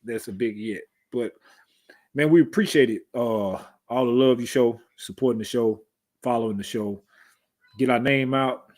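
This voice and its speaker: A man's voice: mid-range voice, normal speed, a little mellow. A man co-hosting a podcast in a loose, laid-back way, joking about talking trash and thanking listeners. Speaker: podcast co-host. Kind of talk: casual chat.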